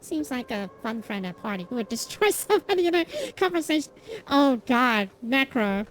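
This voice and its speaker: A young woman streams and talks casually, her fairly high voice swinging up and down as she rambles through restart after restart. She runs herself down and laughs a lot, with a faint hum of background noise behind her. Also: moderate pace. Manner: rambling, self-deprecating, many restarts and fillers; animated, laughs often. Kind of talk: casual chat while gaming.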